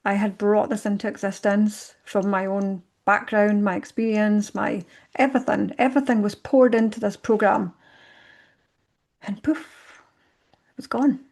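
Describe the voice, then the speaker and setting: A woman in conversation, telling her own story reflectively and acting out her past thoughts in lively bursts. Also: medium pitch, measured pace, gravelly. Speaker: podcast guest.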